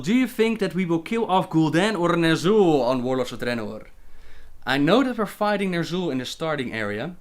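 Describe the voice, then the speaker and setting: A young man with a Dutch accent hosts a casual livestream, reading viewer questions aloud and answering them in a chatty way. His voice is a little high.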